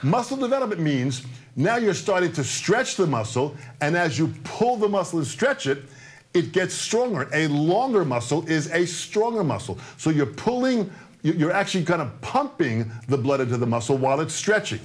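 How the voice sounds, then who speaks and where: A man's voice: fairly high pitch, sing-song, moderate pace. A man in his sixties teaching a live-streamed drum lesson, coaxing and joking as he repeats his instructions. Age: 60s.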